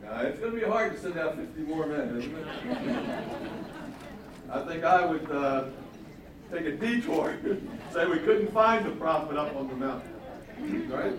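A man teaching the Bible in a conversational sermon, tossing out casual questions and chuckling asides to his listeners. His voice sits fairly high. He is heard from a distance in a very echoey hall, with faint noise behind. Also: expressive, a little slow, long pauses, crowd noise.

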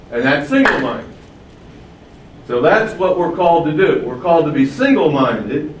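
A man's voice: medium pitch, animated, moderate pace, long pauses, a little hiss or hum. A man preaching a sermon, stressing key phrases and rising on them. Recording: roomy echo from far off, faint ambience.

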